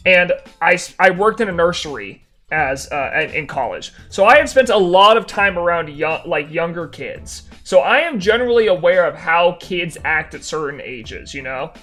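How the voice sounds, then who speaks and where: A young man streaming live, chatting casually with viewers and telling an animated story with dry sarcasm. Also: fairly high pitch, normal speed, soft background music.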